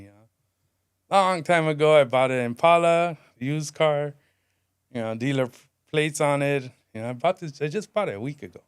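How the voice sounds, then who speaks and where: A man in his forties, a podcast guest, telling his story candidly in plain street-style talk and going quiet on the heavy parts. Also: medium pitch, clean tone, no echo, studio quality. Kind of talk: emotional storytelling.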